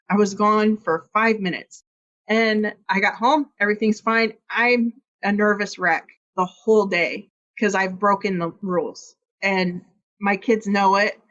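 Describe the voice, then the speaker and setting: A woman's voice: mid-range voice, fairly even intonation, measured pace, a bit bright, lo-fi sound. A woman from Iowa, a podcast guest, candidly telling a personal story and acting out quoted dialogue.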